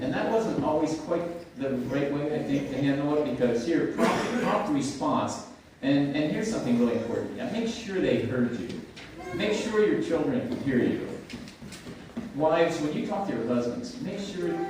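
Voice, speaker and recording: An older man preaching a sermon in a church, speaking conversationally with frequent halting restarts. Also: medium pitch, noisy background. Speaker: pastor. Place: church sanctuary. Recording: echoey church livestream from far off.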